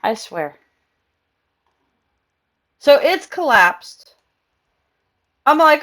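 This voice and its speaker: Brief: young woman streamer, high bright voice, rambling and giggly, talking casually to chat while playing. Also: animated, moderate pace. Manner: chatty, rambling, laughs often. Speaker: live streamer.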